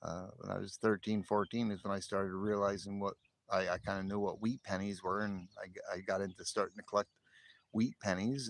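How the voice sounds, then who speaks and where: A man's voice: fairly low pitch, creaky, dry recording. A middle-aged man from the northern United States, hosting a casual livestream, rambling with stammered repeats. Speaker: livestream host.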